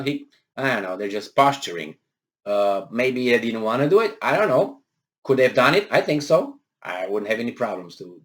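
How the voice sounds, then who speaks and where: This man, a political commentator, picks apart a news article using rhetorical questions and sarcastic asides. He hesitates frequently, and his pitch leaps on words he wants to stress.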